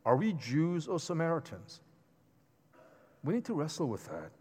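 A man preaching a sermon in a lively, conversational way, with asides to the congregation. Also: a little high, moderate pace, husky. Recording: long hall reverb.

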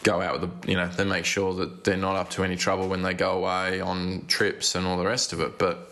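A man's voice: deep voice, monotone, brisk, a bit bright. A man, co-hosting a casual sports chat podcast, blunt and laughing, swearing freely. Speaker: podcast co-host.

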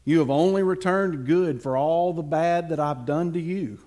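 A man's voice: a little high, normal speed, dark tone, natural voice. A man voicing a remorseful aging king who tearfully begs for mercy in a retold Bible story. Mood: pleading. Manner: pleading, tearful delivery.

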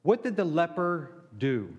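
A man preaching a sermon, emphatic, with dramatic pauses and acted-out quotes. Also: fairly high pitch, big pitch swings, darkish tone, big-room sound.

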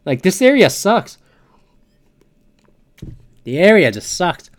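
A man in his thirties hosting a podcast, ranting casually and profanely in an animated way. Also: high voice, slow, dry recording. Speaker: podcast host. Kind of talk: casual monologue.

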